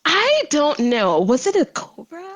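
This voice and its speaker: A young woman, a podcast guest, telling a story in a casual way, animated and laughing often as she talks. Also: high voice, a little slow, no echo, poor audio.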